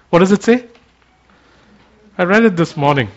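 High-voiced male preacher, building fervor. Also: animated, moderate pace, highs cut off. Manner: builds from quiet reflection to fervent declaration. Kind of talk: sermon.

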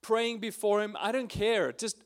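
A fairly high-voiced man speaks earnestly to a prayer gathering, telling his story in an informal, heartfelt way. He sounds close to tears at times and fills his pauses with hesitations. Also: steady tone. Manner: earnest, emotional, with frequent fillers. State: tearful at times.

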